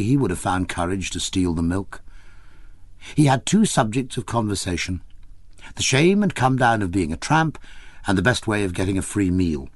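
A man narrating an audiobook in a measured, wry storytelling manner. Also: lowish voice, no echo.

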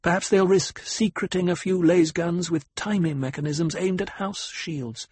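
A man voicing a cool, cutting noblewoman who lectures in a measured, calm way, with a breathy tone. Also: high voice, a little hiss or hum, pitched above the performer's own voice, close to an everyday voice. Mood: cold, probing. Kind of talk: audiobook character voice.

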